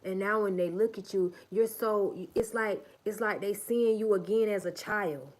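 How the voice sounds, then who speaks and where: A woman's voice: mid-range voice, normal speed. A woman hosting a livestream, giving an emphatic, profane and repetitive motivational talk. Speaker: livestream host.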